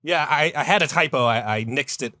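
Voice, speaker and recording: A man hosting a comedy podcast, telling a story in a rambling, casual way with lots of fillers, and jumping up in pitch when he quotes someone. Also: a little fast, sharp tone, dry recording, studio quality. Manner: rambling, many fillers, jumps high for quoted voices.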